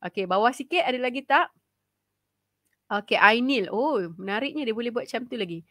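A woman's voice: fairly high pitch, expressive, fast, bright, forceful tone, dry recording, clean studio sound. A woman with a Malaysian accent teaching an online English lesson to primary pupils, mixing English and Malay and encouraging them.

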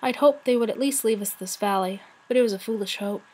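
A woman's voice: on the high side, a little mellow, husky, rough recording. A woman voicing a weary, wise, very old male dragon in a storybook reading. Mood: grave. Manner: slow, solemn, grave.

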